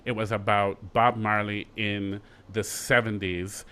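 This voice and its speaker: A middle-aged Jamaican man, an actor being interviewed, telling his story in a lively way with quick asides and restarts. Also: fairly low pitch, clean tone. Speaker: actor guest.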